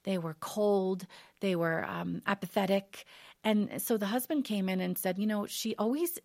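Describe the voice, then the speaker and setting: A woman counselor, a guest on a talk show, explaining things in a measured way. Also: medium pitch, gravelly, a little mellow. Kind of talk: conversational interview.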